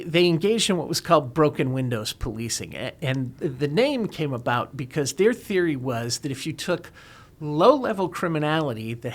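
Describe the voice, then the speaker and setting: A man explaining and arguing a legal point in an emphatic, lawyerly way on a talk show. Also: medium pitch.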